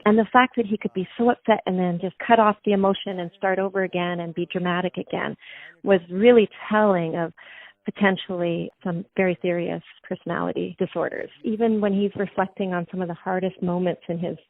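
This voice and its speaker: A woman calmly analyzing an interview, thoughtful and measured, using psychological terms. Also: on the low side, no room sound. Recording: dry, tinny phone-like sound.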